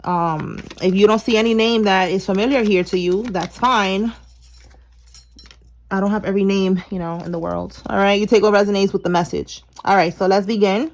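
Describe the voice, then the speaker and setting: A young woman giving a casual tarot reading, slangy and animated, talking straight to her viewers. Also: mid-range voice, moderate pace. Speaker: tarot reader.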